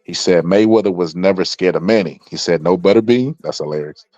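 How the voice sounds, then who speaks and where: A man's voice: low-pitched, a little fast, a little mellow, no room sound, lo-fi sound. A tired man casually commenting on boxing and reading viewer comments aloud, laid-back, saying "bro" a lot. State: tired from staying up late.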